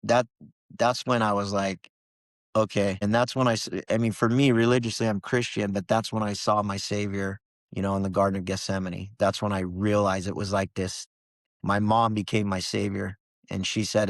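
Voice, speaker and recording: A man's voice: fairly low pitch, level tone, normal speed, dry recording. Earnest man telling a story, dry and close. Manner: earnest, emotional storytelling with many restarts. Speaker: podcast guest. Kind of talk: storytelling in a podcast interview.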